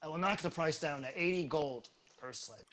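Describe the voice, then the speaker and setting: A very large hobgoblin slave trader, put on by a man running a tabletop game, brisk and businesslike as he haggles. The voice sits a little higher and louder than the man's usual speech. Faint hiss and clicks sit under it. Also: natural voice. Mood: haggling.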